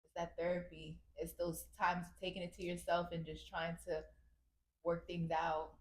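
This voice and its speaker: A woman's voice: lowish voice, flat delivery, moderate pace. A young woman co-hosting a podcast in casual chat, encouraging and affirming, echoing her co-host's words. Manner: encouraging, echoes and affirms her co-host, laughs often. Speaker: podcast co-host. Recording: echoey room.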